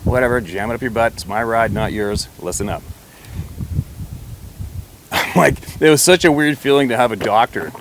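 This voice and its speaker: A man's voice: mid-range voice, lively intonation, normal speed, pauses often, noisy background. A man telling a personal story to camera in a rambling, blunt way, with mild swearing and frequent restarts.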